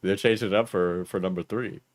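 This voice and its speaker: A man's voice: sits low, steady tone, fairly quick, no echo. Laid-back, profane young man streaming. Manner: loose, profane, laughs often, mumbles while searching. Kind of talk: casual stream chat, reacting to clips.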